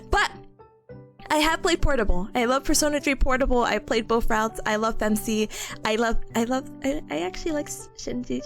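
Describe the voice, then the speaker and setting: A woman's voice: sits high, sing-song, moderate pace, a bit bright, soft background music. A young woman streaming and chatting casually, bubbly and giggly, rambling while greeting viewers. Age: young adult. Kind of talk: casual livestream chat.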